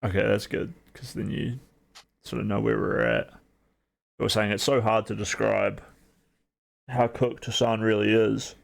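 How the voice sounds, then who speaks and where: A man's voice: lowish voice, level tone, measured pace, vocal fry, long pauses. A young man with a New Zealand accent, streaming and chatting casually with rambling, filler-heavy, laid-back talk.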